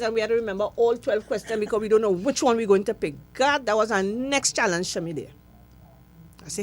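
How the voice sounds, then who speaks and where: A middle-aged woman with a Trinidadian accent, a guest in an interview, telling her story with lively acted-out dialogue. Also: mid-range voice, fairly quick. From Trinidad and Tobago.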